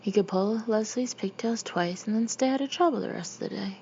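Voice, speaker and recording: A woman reads a children's story in a steady, plain narrating voice. Her tone has a slight gravelly edge. The recording sounds dull and muffled, with a faint hiss underneath. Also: mid-range voice, brisk. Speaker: audiobook reader.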